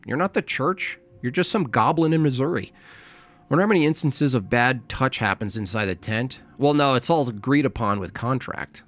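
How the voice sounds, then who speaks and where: A man's voice: medium pitch, lively intonation, normal speed, fairly bright tone. A man in his forties giving combative, mocking live-stream commentary as a streamer. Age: 40s. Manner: mocking, taunting, argumentative. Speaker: streamer reacting to clips.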